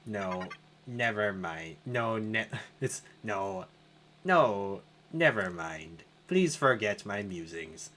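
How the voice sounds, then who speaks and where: A man playing an earnest, formal computer in a game playthrough, lowered and soft-spoken with slow, even diction. His measured lines sit quietly under a faint hiss. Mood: solemn. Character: calm formal male computer, earnest and stiff. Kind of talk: let's play voice acting.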